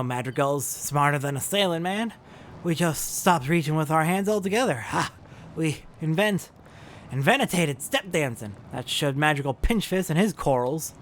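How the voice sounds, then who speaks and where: A man's voice: a little high, a little hiss or hum, close to an everyday voice. A man voicing a drunk, rowdy male sailor who rambles in a slurred pirate-style dialect.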